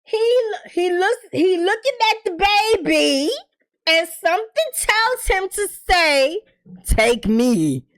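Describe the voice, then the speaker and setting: A woman's voice: very high voice, animated, slow pace, fairly bright tone. A woman hosting a casual TV episode recap, talking straight to her viewers in an emphatic, exasperated way and swearing freely.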